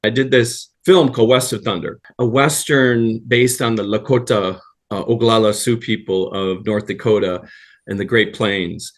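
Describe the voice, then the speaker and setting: A man's voice: on the low side, fairly even intonation, moderate pace. A man talking as a guest in a casual interview, telling long anecdotes with a rambling flow. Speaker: guest actor and writer.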